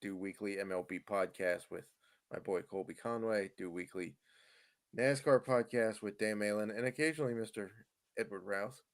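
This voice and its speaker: A man's voice: on the low side, moderate pace. A man in casual podcast chat as a fantasy sports analyst guest, explaining at length with fillers and easy chuckles.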